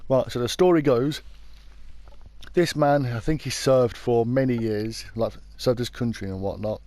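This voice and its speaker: A British man narrates a true crime story in a loose, conversational way, often doubling back to fix what he just said. His voice is mellow and relaxed, and the sound is dry and close. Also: medium pitch, a little slow, no echo. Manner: chatty, informal, often backtracks to correct himself. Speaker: YouTube true crime host.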